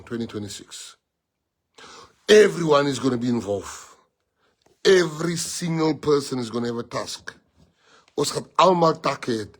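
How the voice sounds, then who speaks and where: On a livestream, a middle-aged South African man leads his party and rouses supporters, speaking with a South African accent. His voice is husky and mid-range. He is emphatic and repetitive and sprinkles in Afrikaans phrases.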